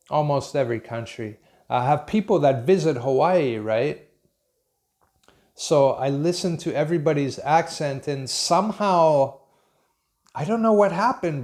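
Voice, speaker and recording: A man's voice: mid-range voice, a little mellow. A man in his fifties with an American accent, from Pennsylvania, giving an unscripted English lesson in a reflective way, thinking aloud and restarting his sentences. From Pennsylvania, USA. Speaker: English teacher.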